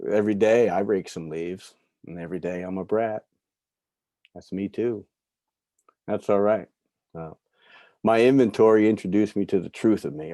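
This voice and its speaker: A middle-aged man from New York giving a candid personal recovery talk, telling stories with soft asides. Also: deep voice, no room sound. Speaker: recovery speaker.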